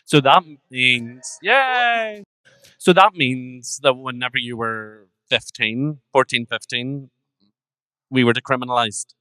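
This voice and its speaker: A man hosting a live podcast, steering his guests with playful, dry questions. His voice is bright and smooth, recorded close and dry. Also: medium pitch, slow, no room sound. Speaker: podcast host.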